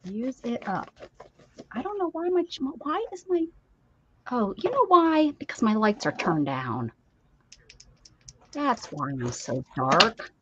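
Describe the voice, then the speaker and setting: A woman hosting a casual craft livestream, chatty and animated, greeting viewers by name. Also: a little high, slow pace, long pauses, muffled recording, slight background noise.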